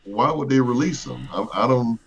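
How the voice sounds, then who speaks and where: A man's voice: mid-range voice, expressive, normal speed, a bit bright. A man chatting on a casual podcast, hesitant and full of fillers. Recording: muffled remote line with faint hiss.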